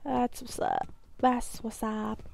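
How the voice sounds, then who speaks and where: A woman's voice: fairly high pitch, wildly swooping pitch, slow pace, gravelly, darkish tone, slight background noise. A woman giving gameplay commentary, chatty and talking to herself, cursing and getting panicky under pressure. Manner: chatty, talks to herself, swears, gets panicky. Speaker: let's play gamer.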